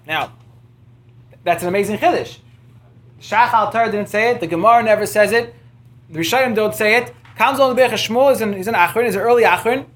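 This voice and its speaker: A man's voice: sits high, a bit bright. A man teaching a Torah class, working through printed sources, reading Hebrew quotes and translating them, with frequent restarts. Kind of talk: text-based Torah lecture.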